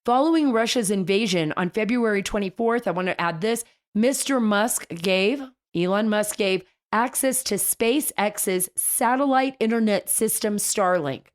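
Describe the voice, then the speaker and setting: A woman host delivers casual political radio commentary in an enthusiastic, chatty way. Her pitch sits in the middle range, and she often restarts her sentences mid-thought. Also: unhurried, few pauses. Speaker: talk show host.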